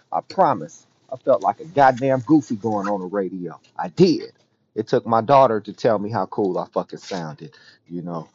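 A man giving a raw, rambling, profane confessional monologue as a podcast host, often dropping to a low murmur. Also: a little mellow. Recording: dull dry lo-fi recording.

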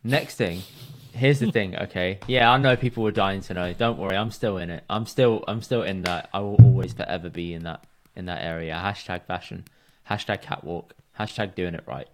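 A man's voice: low voice, normal speed, a bit bright, slight background noise. A man co-hosting a casual podcast, joking and swearing playfully. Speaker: podcast co-host. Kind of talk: casual chat.

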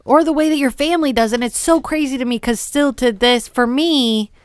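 Clear-voiced woman in her thirties telling animated stories. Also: high-pitched, a little fast, no echo, clean studio sound. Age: 30s. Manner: animated storyteller, acts out others' lines. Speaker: podcast host. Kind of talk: casual chat among friends.

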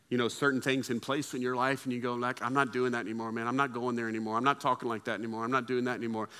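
A man's voice: mid-range voice, sharp tone. A male pastor preaching a sermon in a conversational way, acting out the voices of friends and coworkers to make his point. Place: church service with congregation.

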